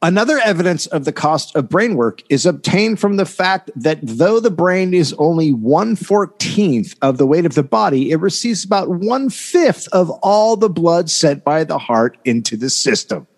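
A man's voice: on the high side, very animated, normal speed, few pauses. A man hosting a comedy podcast, reading an old newspaper aloud with dry, jokey asides. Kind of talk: casual comedy chat.

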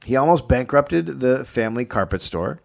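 A man's voice: mid-range voice, animated, normal speed, creaky. A man co-hosting a comedy podcast, telling a history story in a dry, matter-of-fact way.

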